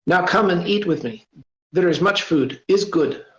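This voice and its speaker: A man's voice: high voice, unhurried, voice pushed up. A man voicing a friendly, burly human crewman with a put-on thick accent, in an echoey, slightly dull voice-chat recording. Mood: hearty. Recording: roomy, dull voice-chat audio.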